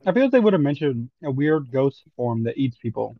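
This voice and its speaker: A man's voice: medium pitch, sing-song, a little fast, no echo, narrow, tinny audio. A man playing in a tabletop game, speaking in a hesitant, laid-back way. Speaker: player.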